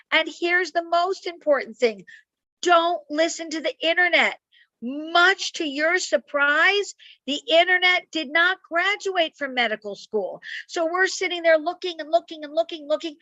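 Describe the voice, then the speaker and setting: A woman's voice: high-pitched, bright, forceful tone, no room sound, lo-fi sound. A woman herbalist giving an informative online talk and answering questions. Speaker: herbalist speaker. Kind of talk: online lecture and Q&A.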